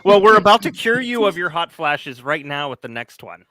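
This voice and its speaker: A man's voice: a little high, sing-song, normal speed, sharp tone, no echo, studio quality. A man co-hosting a casual true-crime chat, rambling and hesitant at times. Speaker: co-host.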